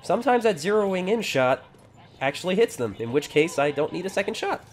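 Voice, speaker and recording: A man's voice: high-pitched, big pitch swings, brisk, slight background noise. Sarcastic male gameplay commentator. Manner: sarcastic, jokey asides. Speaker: gaming YouTuber.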